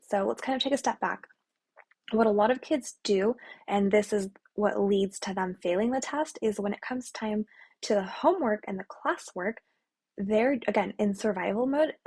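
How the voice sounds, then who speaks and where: A woman's voice: medium pitch, darkish tone, breathy edge. A young woman math tutor giving an earnest explainer to parents, often checking in with "right?" and restarting her sentences. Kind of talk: talking-head explainer to parents.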